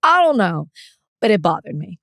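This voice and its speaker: A woman's voice: medium pitch, normal speed, gravelly, no echo, clean studio sound. A woman co-hosting a podcast, telling a story in casual chat with frequent laughter. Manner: animated storyteller, laughs often. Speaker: podcast co-host.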